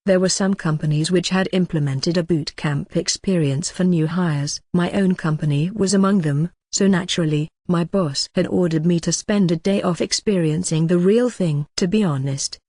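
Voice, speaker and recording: A narrator reading a fantasy novel aloud in a steady, even delivery. The voice sits at a middling pitch and is recorded close and dry, with no room sound. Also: normal speed, few pauses, no echo. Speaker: audiobook narrator. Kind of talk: scripted light novel narration.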